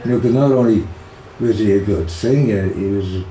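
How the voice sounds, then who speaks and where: Here an older Liverpool man chats loosely about his brother for an interview, often restarting and filling pauses. His voice sits on the low side, dark and fairly quick. The recording has room echo and a faint hiss.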